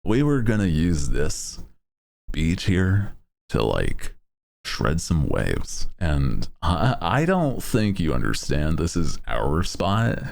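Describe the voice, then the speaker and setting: A man's voice: sits low, wildly swooping pitch, takes it slowly, vocal fry, heavily acted. Comic surfer dude, put on by a man: lazy drawl, swooping inflection, bro slang. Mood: indignant. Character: laid-back young male beach surfer dude. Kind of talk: comedic impression on a livestream.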